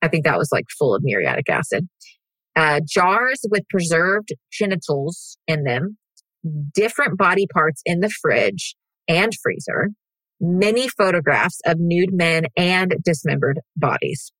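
Profane, animated woman storyteller. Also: on the low side, unhurried, dry recording, poor audio. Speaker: podcast host. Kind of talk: casual true-crime storytelling.

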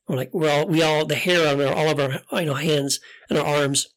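Fairly quick and steady in tone, a middle-aged male podcast host speaks in a somewhat high voice. He candidly shares stories in a relaxed, reflective monologue, hesitating and restarting often.

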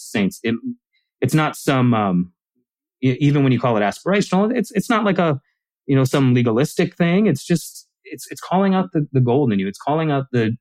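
A man's voice: mid-range voice, a little mellow, no echo, low-quality recording. A man as an author guest in a casual conversation, telling stories animatedly and acting out quoted lines.

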